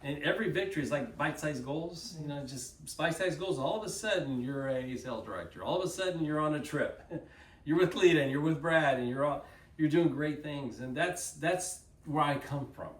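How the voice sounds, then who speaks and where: A man's voice: on the high side, brisk. Folksy Texan man telling stories. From Texas. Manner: animated, folksy, sprinkles y'all. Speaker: guest speaker. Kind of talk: casual storytelling talk. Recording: roomy, distant mic with faint noise.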